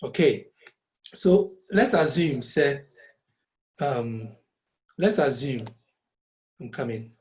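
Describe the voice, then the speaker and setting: Guy teaching music online, slow, patient, switches into twi now and then. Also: mid-range voice, animated, darkish tone, rough recording. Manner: slow, explaining, mixes in Twi phrases. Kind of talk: online lesson.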